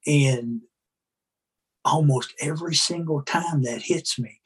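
Male podcast guest, husky voice, candid and emotional storyteller who swears plainly. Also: a little high, slow pace. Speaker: podcast guest sharing his recovery story. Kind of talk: casual conversational storytelling.

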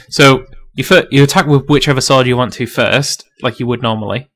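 A man's voice: medium pitch, a little fast, hardly any pauses, fairly bright tone. A man narrating a tabletop role-playing game as game master, casual and full of fillers, laughing often.

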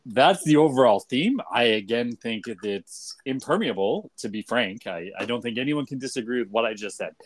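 A man's voice: medium pitch, animated, normal speed, hardly any pauses, dry recording. A man co-hosting a podcast, chatting casually with wry, dry humor and making his case. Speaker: podcast co-host. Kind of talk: casual chat.

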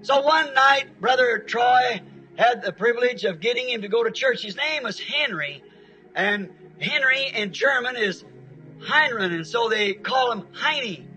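A preacher delivers a sermon in a very high, bright voice, spinning a folksy story and bursting into emphatic shouts now and then. Faint music plays in the background. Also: male voice, animated, measured pace, rough recording.

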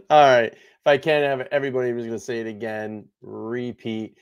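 A man's voice: medium pitch, vocal fry, clean tone, no room sound. A man hosting a casual livestream who rants in a profane, exasperated way. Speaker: host.

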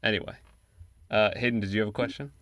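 A man's voice: on the low side, steady tone, fast talker, fairly bright tone, no room sound. A man in casual book club talk, hesitant and repeating his words. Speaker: book club podcast member. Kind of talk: casual chat.

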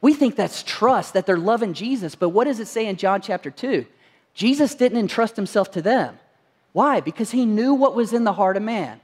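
A male pastor in his thirties preaching a sermon, animated and conversational, acting out quotes. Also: sits high, normal speed, husky.

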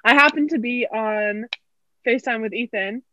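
Young woman, podcast co-host, casual chat, chatty and animated, fairly high voice, dry muffled recording. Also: normal speed, dry recording. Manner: chatty, many fillers, animated storytelling. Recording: dull lo-fi dry sound.

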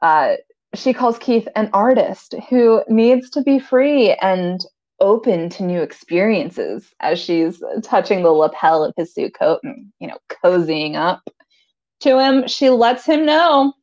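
A woman's voice: medium pitch, expressive, takes it slowly, a little mellow. A woman co-host giving a chatty recap of a TV episode, giggling often and slipping into voices for the characters. Her voice sits in a middle register. The recording sounds a little dull and lo-fi. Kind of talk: casual recap chat.

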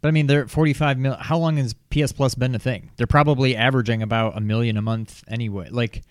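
A man co-hosting a casual podcast, low-key and shrugging, trailing off quietly at the ends of his thoughts. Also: fairly even intonation, quick pace, no room sound, clean studio sound. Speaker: podcast co-host. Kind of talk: casual chat.

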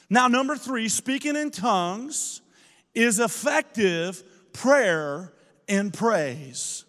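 A man preaching a sermon as pastor, telling stories with animated energy that builds to shouting. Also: very high voice, big-room sound. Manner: animated storytelling, rising to shouts.

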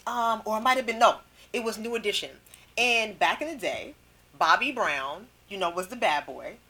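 A woman hosting a casual entertainment chat, animated and expressive. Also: mid-range voice, normal speed. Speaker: host.

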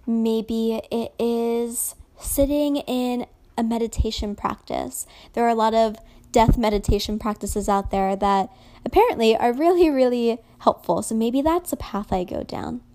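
A young woman in her twenties speaking softly and emotionally in a personal reflective vlog, at times dropping to a whisper. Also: fairly high pitch. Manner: slow, soft-spoken and emotional, drops to whispers at times.

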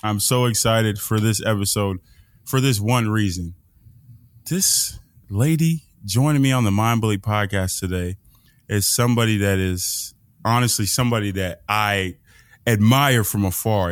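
A man hosting a podcast in casual chat, hyped and playful, talking with a lot of energy. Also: fairly low pitch. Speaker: podcast host.

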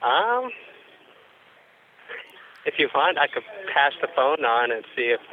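A man's voice: mid-range voice, very animated, slow. A hesitant man answers a call and trails off with uncertain fillers. He sounds thin and tinny over a phone line. A faint hiss sits under his voice. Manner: hesitant, unsure, many fillers.

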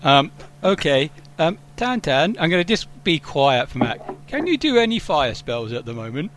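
A player reads out his dice and asks questions in a quick, matter-of-fact way. His voice is high-ish, with faint noise behind. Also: very animated, fairly bright tone. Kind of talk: tabletop game play.

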